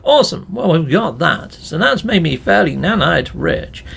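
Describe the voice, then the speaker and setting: A man's voice: fairly high pitch, very animated, normal speed, vocal fry, fairly bright tone, breathy edge. A man giving playful, chatty commentary as he plays a video game, with mild swearing, talking to his viewers. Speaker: let's play gamer.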